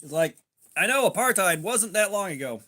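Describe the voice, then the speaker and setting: A man with a high, bright voice hosts a casual livestream. He rambles loosely, leans on "like" and swears freely, and breaks off to greet chat viewers by name. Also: animated, moderate pace. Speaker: livestream host.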